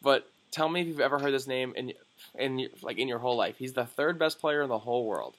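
Young male podcast co-host, mid-pitched, excitable, jokey, swears often. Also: fairly quick. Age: young adult. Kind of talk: casual sports podcast chat.

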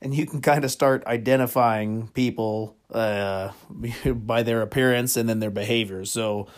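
A man's voice: medium pitch, steady tone, a little slow. Chuckling man telling bar stories. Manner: rambling, chuckles often, lots of fillers. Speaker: podcast host. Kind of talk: comedic storytelling monologue.

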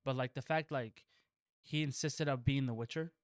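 A man co-hosting a casual podcast chat, excitable and profane, often restarting his sentences. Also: mid-range voice, clean tone, no echo, clean studio sound. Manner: fast, excitable, laughs and swears, stumbles over restarts. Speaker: podcast co-host.

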